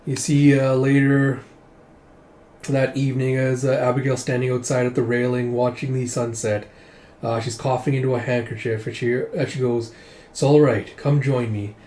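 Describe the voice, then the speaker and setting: Man, comic readthrough host, casual, excitable, mid pitch, roomy echo. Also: normal speed. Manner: casual, retelling with "it's like", excitable.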